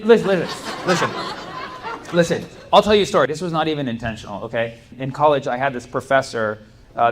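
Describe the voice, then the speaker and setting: A man's voice: medium pitch, a little hiss or hum. A man performing a stand-up comedy set, telling stories animatedly and laughing often. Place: comedy club stage.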